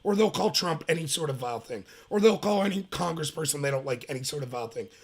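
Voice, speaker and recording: A man's voice: fairly high pitch, animated, fast talker, slightly rough. A man hosting a livestreamed political commentary show, talking emphatically and rambling, sometimes mocking quotes in a put-on voice.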